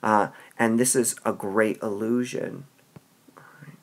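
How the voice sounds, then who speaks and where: A man teaching a literature lesson, reading passages aloud and explaining them with a lively manner and frequent "all right"s. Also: fairly low pitch, unhurried.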